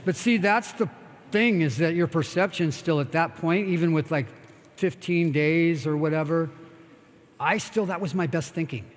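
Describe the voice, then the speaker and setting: An older man from the United States talks in a blunt, rambling way, swearing freely as he answers questions from a live audience. His voice sits a little high for a man. A long hall reverb trails behind every phrase. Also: normal speed. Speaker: guest speaker. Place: expo talk stage in a large hall.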